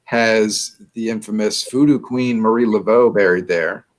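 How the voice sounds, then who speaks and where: A man's voice: lowish voice, a little slow. Chatty New Orleans man, laughing often. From New Orleans, USA. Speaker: guest. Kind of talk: casual interview chat.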